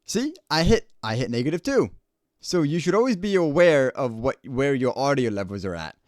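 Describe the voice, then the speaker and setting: A man's voice: medium pitch, animated, brisk, darkish tone, no room sound. A man who works as an audio engineer explaining home studio recording in a casual, explanatory way, close to a studio microphone. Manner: casual and explanatory, stresses points by repeating them. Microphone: studio microphone at close range.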